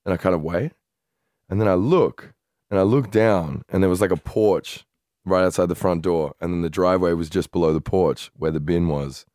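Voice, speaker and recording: Man, Australian accent, very low pitch, dry sound, casual podcast storytelling, swears a lot. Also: normal speed, dry recording. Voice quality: swears freely, animated retelling. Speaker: podcast co-host.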